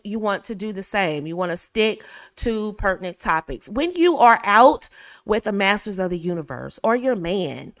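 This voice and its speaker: A woman's voice: medium pitch, clear, resonant tone, no echo. A middle-aged woman from the United States coaching a live class in a direct manner, acting out short phone dialogues. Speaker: etiquette coach.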